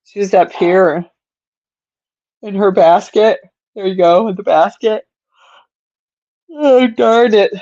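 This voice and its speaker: A woman's voice: mid-range voice, slow, pauses often, dark tone, no room sound, lo-fi sound. A woman hosting a casual livestream, rambling to her viewers and her cat, with a stuffed-up nose and sleepy yawns. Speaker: livestream host.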